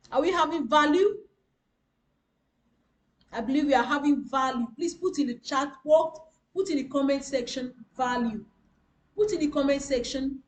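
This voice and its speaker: A woman giving a webinar lesson, emphatic and repeating her key phrases as she speaks straight to her audience. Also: sits high. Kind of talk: motivational webinar lecture. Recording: roomy echo.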